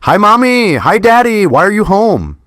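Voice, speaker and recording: A man voicing a cheerful, innocent six-year-old girl in a high, lifted voice. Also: very animated, moderate pace, a bit bright, no echo, clean studio sound. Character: bright-eyed little girl of six.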